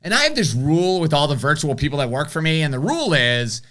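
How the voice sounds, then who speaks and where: A man's voice: a little high, sing-song, fast, fairly bright tone. A man co-hosting a casual live stream, telling stories candidly and swearing now and then. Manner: candid storytelling, mildly profane. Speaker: co-host.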